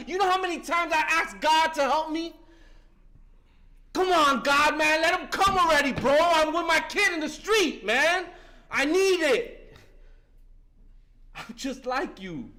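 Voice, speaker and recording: Fifties guy preaching his recovery story, swears a lot, keeps saying listen, lively up and down voice. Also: extremely high pitch. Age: 50s. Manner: fervent, profane, street-talking, repeats "listen". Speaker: recovery meeting speaker. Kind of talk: impassioned recovery share.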